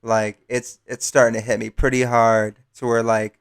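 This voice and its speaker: Brief: male podcast host, mid pitch, smooth and clear, swearing storyteller. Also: moderate pace. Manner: profane, rambling, animated. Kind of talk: casual storytelling.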